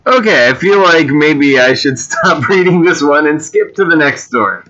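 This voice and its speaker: A man reads homemade stories aloud in a loose, chatty way, stopping for fillers and side comments. His tone is bright and forceful. The recording is a bit dull and lo-fi. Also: fairly high pitch, animated, moderate pace, few pauses. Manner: chatty, breaks off with fillers and asides. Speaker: reader and creator of homemade games. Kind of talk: casual read-aloud of generated stories.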